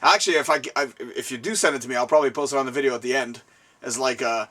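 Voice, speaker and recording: A man hosting a casual interview at a guest's home, excitable and rambling, laughing often, recorded from a distance. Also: medium pitch, very fast. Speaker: show host. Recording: distant mic, faint room ambience.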